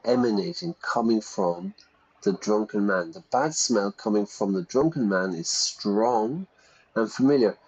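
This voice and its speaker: A man's voice: on the low side, lively intonation, unhurried, a little mellow, husky, muffled recording. A British or Irish man teaching English while reading game dialogue aloud and explaining phrases. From Britain or Ireland.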